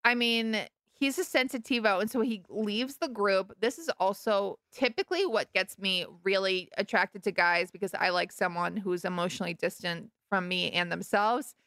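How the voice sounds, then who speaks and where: A young woman with a gravelly edge to her voice chats casually as a podcast co-host. She gossips in a playful, drawn-out way, and the recording is close and dry. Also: medium pitch, fairly bright tone, dry recording. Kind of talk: casual chat.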